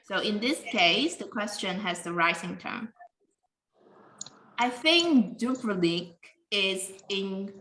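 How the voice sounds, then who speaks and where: A woman's voice: mid-range voice, animated, slow, bright, forceful tone. A woman teaching an English lesson, explaining patiently in slightly non-standard grammar. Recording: echoey room with faint noise.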